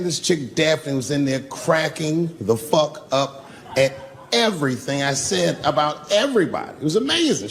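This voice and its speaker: A man's voice: a little high, vocal fry, slight background noise. A man performing a stand-up comedy routine in a club, telling a profane story and acting out other people's voices, with the audience laughing. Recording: live club recording with long reverb.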